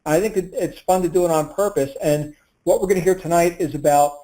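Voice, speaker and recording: Upbeat middle-aged male host, mellow voice. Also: on the high side, fairly quick, poor audio. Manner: upbeat, motivational. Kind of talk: online call introduction.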